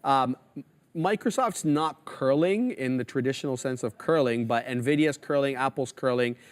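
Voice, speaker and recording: A man with a mid-pitched voice gives live market commentary as co-host. He talks in a relaxed, hesitant way, with plenty of fillers as he goes through charts. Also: normal speed. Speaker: co-host of a live trading show.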